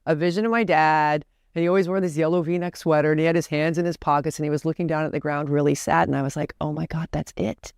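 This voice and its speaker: Gravelly-voiced woman telling a candid story. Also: low-pitched, fairly even intonation, fast talker, few pauses, dry recording, studio quality. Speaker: podcast guest.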